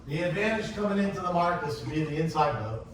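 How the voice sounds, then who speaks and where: A man teaching sailing racing tactics in a casual, anecdotal way, often acting out what other sailors shouted. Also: a little high, fast. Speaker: sailing instructor. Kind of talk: casual classroom talk on racing rules. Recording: echoey room, distant mic, faint hiss.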